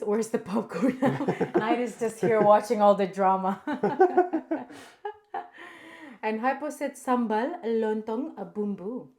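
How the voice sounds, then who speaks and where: A woman's voice: fairly high pitch, darkish tone. A woman co-hosting a cooking stream, chatting casually and laughing as she reads viewer comments. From Australia.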